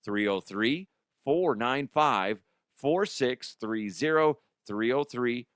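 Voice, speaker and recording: Dude hosting a funny news podcast, swears, jokes at himself, voice bouncing all over, dry close sound. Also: male voice, mid-range voice, expressive, takes it slowly, fairly bright tone, no echo. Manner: loose, swearing, self-mocking, jokey. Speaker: podcast host. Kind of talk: comedic news commentary.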